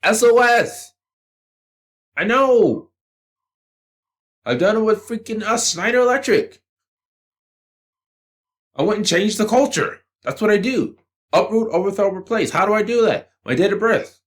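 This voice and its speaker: Male channel host, profane motivational monologue, confrontational, animated pitch. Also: measured pace, long pauses. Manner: blunt, combative, swears freely. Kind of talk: profane motivational rant to camera.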